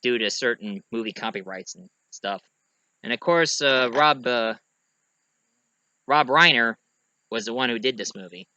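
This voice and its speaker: A man's voice: medium pitch, unhurried, long pauses, pushed and bright, no echo, low-quality recording. A man giving a casual, rambling movie review, full of fillers and restarts, who keeps acting out lines.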